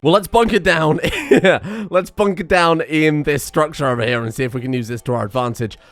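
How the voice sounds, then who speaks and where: A man giving excitable let's play commentary on a strategy game, muttering one moment and shouting the next. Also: fairly high pitch, normal speed, no room sound. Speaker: gameplay commentator.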